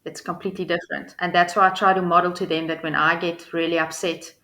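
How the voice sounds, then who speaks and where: A woman's voice: lowish voice, level tone, fast, bright, forceful tone. A mother on a coaching call, asking earnest, thoughtful questions with some hesitation.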